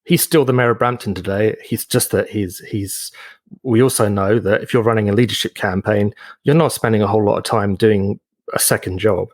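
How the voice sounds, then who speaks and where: A man co-hosting a podcast, talking politics in a measured way with a gravelly voice and frequent hedges. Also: fairly low pitch, steady tone, no echo. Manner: measured, hedging with "I mean". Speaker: podcast co-host. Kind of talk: casual political chat.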